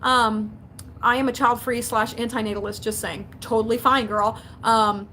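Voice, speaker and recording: A woman's voice: on the high side, moderate pace, a little hiss or hum. A young woman chatting casually on a livestream, answering viewers' chat, talkative and full of fillers. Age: young adult. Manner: chatty, animated, lots of fillers and quoted dialogue. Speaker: YouTuber answering live chat.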